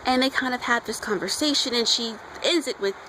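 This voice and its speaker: A woman's voice: a little high, brisk, bright, forceful tone, low-quality recording. Woman, casual comic reviewer, enthusiastic and chatty, outdoor recording with light background noise. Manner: gushing, chatty fan talk with playful voices for characters.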